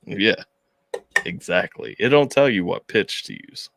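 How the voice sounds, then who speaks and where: A man's voice: lowish voice, unhurried, gravelly, noisy background. A young adult man hosting a casual livestream interview, joking and poking fun at himself. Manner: animated, joking, self-deprecating. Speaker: host.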